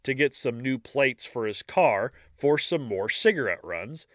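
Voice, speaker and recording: A man co-hosting a podcast, narrating a case in a casual true-crime style and breaking off for dark jokes. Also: mid-range voice, expressive, measured pace, no echo, clean studio sound.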